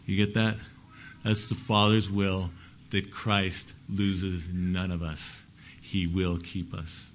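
A male pastor preaching a Sunday sermon, earnest, lifting his voice for emphasis and letting phrase ends fall soft. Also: fairly low pitch, fairly even intonation, unhurried.

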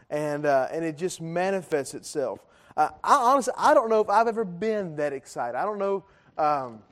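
Guy preaching, kinda high voice, jokey and chatty with the crowd. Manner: chatty, joking with the congregation, many fillers. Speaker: pastor. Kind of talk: conversational sermon. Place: church sanctuary.

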